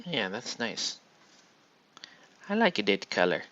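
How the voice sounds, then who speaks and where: Bright-voiced rambling man painting. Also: lowish voice, sing-song, slow, lo-fi sound. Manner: rambling, trails off and restarts, mild swearing. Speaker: miniature painting host. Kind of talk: casual chat while painting.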